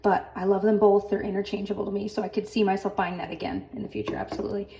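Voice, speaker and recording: A woman's voice: medium pitch, little pitch movement, very fast, creaky, warm tone, lo-fi sound. Young woman, family vlogger, casual chat to camera, filler-heavy, chatty.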